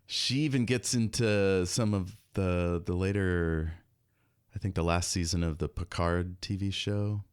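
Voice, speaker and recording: A man with a low, steady, smooth voice hosts a podcast, chatting casually, joking often and laughing easily. The recording is clean studio sound with no room echo.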